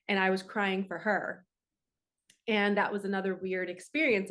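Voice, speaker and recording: Woman doing a card reading, chatty and rambly, lots of "like" and "right", mid pitch. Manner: chatty, flowing, heavy on "like" and "right". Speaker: spiritual reader and coach. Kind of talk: casual card reading talk.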